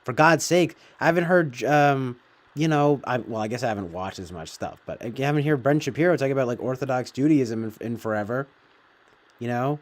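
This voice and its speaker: Casual man riffing off the cuff, plenty of cursing and filler, mid-pitched voice. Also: a little fast. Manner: profane, meandering, filler-heavy. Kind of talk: casual rambling commentary.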